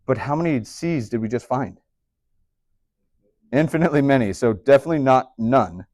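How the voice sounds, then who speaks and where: A man teaching a high school math class, chatty and upbeat, with joking asides to his students. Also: normal speed, darkish tone, no echo. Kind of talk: classroom lecture.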